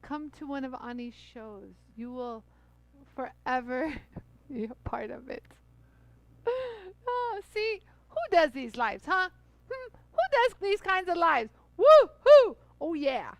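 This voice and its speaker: A woman's voice: high voice, animated, slow, a bit bright, no room sound, rough recording. A middle-aged woman hosting a live-stream jewelry tool demo, bubbly and chatty, full of fillers and calling out to viewers. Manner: bubbly, chatty, many fillers, addresses viewers as "you guys".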